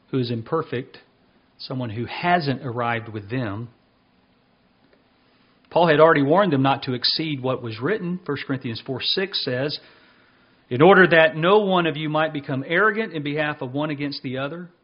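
A man preaching a sermon as pastor, reading passages and slowing down to stress his points. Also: fairly high pitch, highs cut off.

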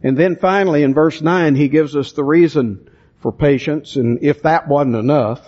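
A man preaches from the pulpit, his voice sitting a little high for a man. He reads verses slowly, leaning hard on single words, then drops into plain, direct talk with his listeners. The recording is dull and lo-fi. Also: darkish tone. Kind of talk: expository sermon.

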